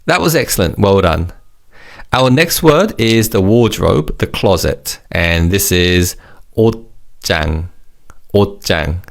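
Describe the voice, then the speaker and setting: A man teaching vocabulary in a scripted lesson, explaining slowly and repeating each target word, with upbeat praise after every drill. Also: deep voice, lively intonation, creaky. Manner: slow English explanations and repeated target words. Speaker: language teacher.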